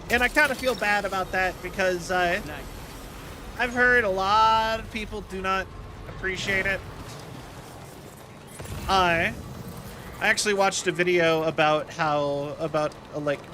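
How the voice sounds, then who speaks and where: A young man from the United States chats casually while streaming a game, rambling with lots of fillers and self-deprecating asides. His voice sits high, and there's background noise.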